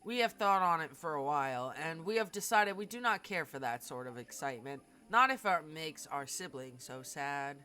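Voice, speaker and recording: A woman's voice: low-pitched, expressive, normal speed, hardly any pauses, bright, forceful tone, soft background music. A woman reading a game aloud, voicing a formal alien being who speaks as a collective "we", in a stiff, precise manner.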